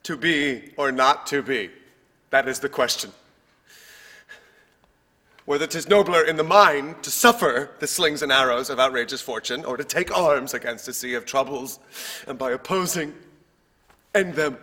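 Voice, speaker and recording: An actor playing a brooding young prince, reciting verse in a measured, rhythmic stage delivery. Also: male voice, medium pitch, sharp tone, in a large hall. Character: brooding young prince weighing life and death.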